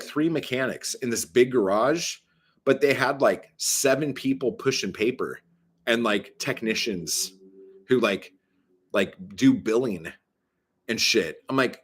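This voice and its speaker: A man's voice: mid-range voice, fairly bright tone, breathy edge. A man on a casual live stream, rambling with many fillers and self-corrections, swearing a lot as he vents his frustration.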